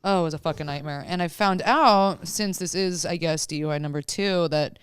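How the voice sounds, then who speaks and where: Woman comic guest, frank and foul-mouthed, smooth clear tone, close and dry. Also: lowish voice, a little fast, dry recording. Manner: candid, profane storytelling. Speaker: stand-up comedian guest. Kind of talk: casual podcast chat.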